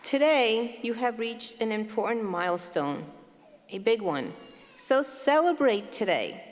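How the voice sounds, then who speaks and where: A woman's voice: a little high, expressive, a faint crowd. Formal woman dean at a podium, hall reverb. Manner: formal, measured, emphatic. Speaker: law school dean. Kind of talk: commencement welcome speech. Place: large hall at a graduation ceremony.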